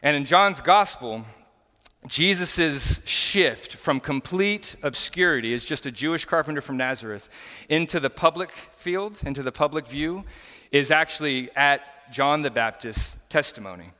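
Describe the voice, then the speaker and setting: A pastor preaching in a church, his tense, bright voice ringing out with a long reverb behind it. He is a man who explains scripture in an earnest, plain, conversational way. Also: a little high, unhurried. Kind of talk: conversational sermon. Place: church sanctuary.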